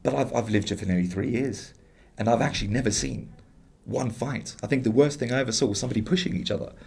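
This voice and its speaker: A man's voice: medium pitch, fast, creaky, husky. A man with a London accent, a guest in a casual conversation, telling stories and acting out the voices of the people he quotes. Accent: London English. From England. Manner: lively storyteller who acts out quoted voices. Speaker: interview guest.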